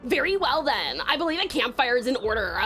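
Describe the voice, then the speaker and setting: A woman's voice: high voice, very animated, brisk, a bit bright, faint music behind. Woman reading a stately game companion. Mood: measured. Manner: stately, archaic phrasing. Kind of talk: reading game dialogue aloud.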